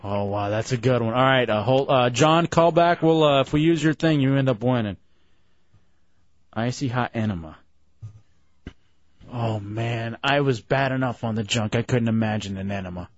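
A man's voice: medium pitch, normal speed. A man hosting a radio show with brash, crude, joking banter in a studio. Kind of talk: casual talk-radio banter. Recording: dull lo-fi radio broadcast.

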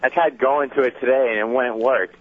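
A man's voice: medium pitch, steady tone, a little fast, no room sound. Man, radio caller, laid-back, mid voice, dull dry sound. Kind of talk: phone call to a radio show.

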